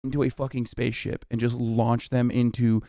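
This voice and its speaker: A man's voice: mid-range voice, little pitch movement, moderate pace, mellow, no echo, clean studio sound. A man reacting to the news on a live stream, ranting in a heated, profane, sarcastic way.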